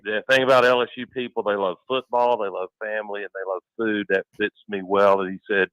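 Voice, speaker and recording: A man's voice: fairly low pitch, steady tone, fairly quick, fairly bright tone, clear, resonant tone, no echo, muffled recording. A man co-hosting sports radio in casual talk, analytical and fond of building vivid game scenarios.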